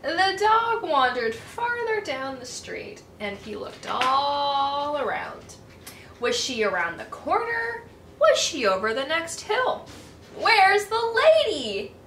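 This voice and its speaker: A woman reading a children's storybook aloud, high and bright, with a lively lilt and an unhurried pace, pausing to ask her young listeners questions. Her voice rings in an echoey room, picked up from a mic set back from her, with a faint hiss behind. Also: far from the mic. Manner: animated, asks listeners questions.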